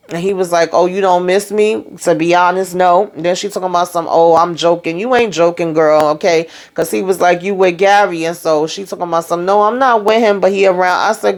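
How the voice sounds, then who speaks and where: A woman hosting a casual TV recap, chatting loosely through the scenes and acting out the characters' lines as she retells them. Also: on the low side. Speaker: TV show recap host.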